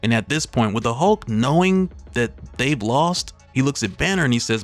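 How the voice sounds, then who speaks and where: A man at a medium pitch walks through a comic storyline in a loose, slangy, easygoing manner, like a regular host of his own channel. Soft music sits faintly underneath his voice. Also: normal speed. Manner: laid-back, slangy, lively storytelling. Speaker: comic book recap host. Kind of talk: casual comic story recap.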